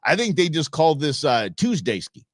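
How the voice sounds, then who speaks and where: A man's voice: fairly high pitch, big pitch swings, moderate pace, no room sound. A man from the United States hosting a show, chatting casually over viral videos with a rambling, chuckling manner and many fillers. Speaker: show host.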